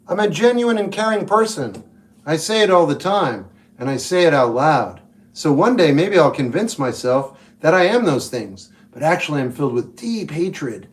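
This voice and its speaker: A man putting on a falsely sweet, overly concerned character who is secretly hostile. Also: high-pitched. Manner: soft, overly concerned, fake-kind.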